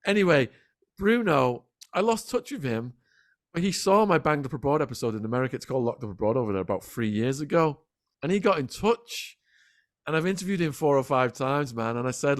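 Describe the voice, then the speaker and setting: A middle-aged man, a podcast guest telling animated stories in a casual interview. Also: medium pitch, no room sound, clean studio sound. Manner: animated, quick anecdotal storytelling. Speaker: podcast guest, former prisoner.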